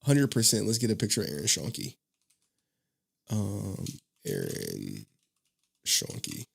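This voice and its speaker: A man with a fairly low voice runs a loose, casual live stream. He rambles from one thought to the next and breaks into laughter as he answers his viewers. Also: wildly swooping pitch, takes it slowly, creaky, husky. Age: adult father of a young child. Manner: rambling, laughs often, talks to chat.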